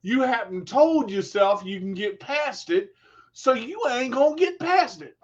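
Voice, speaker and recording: A man's voice: extremely high pitch, expressive, measured pace, highs cut off. A man hosting a motivational live show, preaching to viewers and calling them y'all, often repeating his words. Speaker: show host. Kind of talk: motivational live-stream talk.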